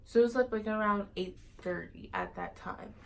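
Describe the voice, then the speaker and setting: A teenage girl tells a personal story in a casual vlog. She rambles and leans on fillers, at a middling pitch. A faint background noise runs under her voice. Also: steady tone, normal speed, creaky, low-quality recording. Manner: rambling, many fillers like "like" and "you know". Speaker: vlogger.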